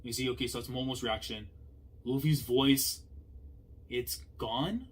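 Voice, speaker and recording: A young man hosting a manga reaction, talking casually in slang and swinging between low muttering and loud outbursts. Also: a little slow, breathy edge.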